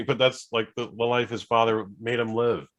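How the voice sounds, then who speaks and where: A man's voice: mid-range voice, little pitch movement, moderate pace. A man co-hosting a podcast, riffing jokes in casual banter with frequent restarts. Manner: jokey, riffing, hesitant restarts. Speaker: podcast co-host.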